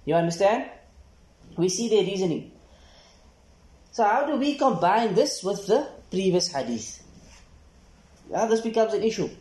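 A man teaching a hadith class, reading Arabic text quickly, translating it, and asking the class rhetorical questions. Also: sits high, animated, a little mellow. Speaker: Islamic studies teacher. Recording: echoey room.

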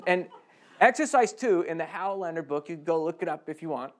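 A man's voice: fairly high pitch, expressive, a little fast. A man preaching a conversational sermon, chatty and self-deprecating, with humorous asides.

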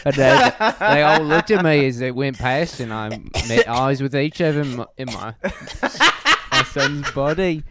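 A man doing an impression of a deadpan woman comic in a put-on Australian accent, telling grim jokes about grief. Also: mid-range voice, measured pace, crowd noise, close to an everyday voice.

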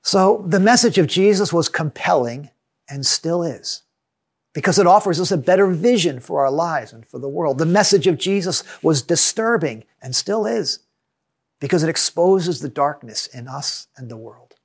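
A male pastor delivers a sermon in a measured, earnest way. His voice sits a little higher than most men's. He slows down to stress key words. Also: lively intonation. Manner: measured, earnest preaching with reading aloud from scripture.

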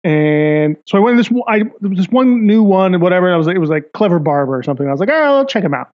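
A man's voice: high-pitched, fast talker, lo-fi sound. A man telling a story in casual chat, rambling with lots of fillers and acting out what others said.

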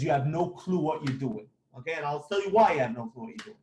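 A man's voice: a little high, animated, fast talker, hardly any pauses, a little mellow, echoey room, slight background noise. A man who runs a construction company giving blunt, emphatic business advice, repeating his points.

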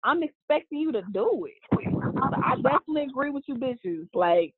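A woman co-hosting a podcast in casual, animated chat, gushing and swearing freely. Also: high-pitched, fairly quick, breathy edge, dry recording. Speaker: podcast co-host. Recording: tinny phone-like line.

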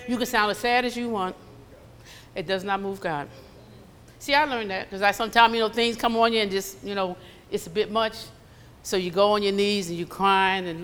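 Woman preacher, conversational sermon, church hall reverb, mid pitch. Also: fairly quick, fairly bright tone. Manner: conversational preaching with acted asides. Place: church sanctuary.

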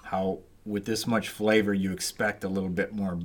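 A man's voice: sits low, flat delivery, moderate pace, a little hiss or hum. A man co-hosting a casual chat, tossing in joking asides.

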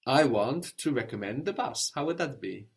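A man's voice: medium pitch, animated, moderate pace, vocal fry. A man teaching a spoken language lesson, patiently explaining sounds and prompting his learner with questions.

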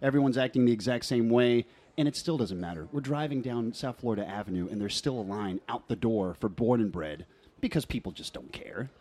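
A man co-hosting a casual podcast chat, joking and rambling in an animated way. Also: mid-range voice, a little fast. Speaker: podcast co-host.

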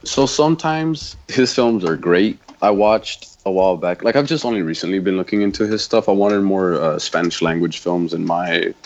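A man's voice: low voice, normal speed, hardly any pauses. A man co-hosting a podcast, chatting casually about films in a rambling way with many fillers. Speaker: podcast co-host. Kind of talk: casual film chat. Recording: dull lo-fi audio.

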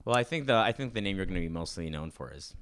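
A young man with a fairly low voice hosts a podcast and chats casually. He wanders through his stories in a loose, easygoing way, leaning on lots of fillers and restarts. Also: expressive, quick pace, fairly bright tone, clear, resonant tone. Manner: rambling, filler-heavy storytelling. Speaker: podcast host. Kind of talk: casual chat.

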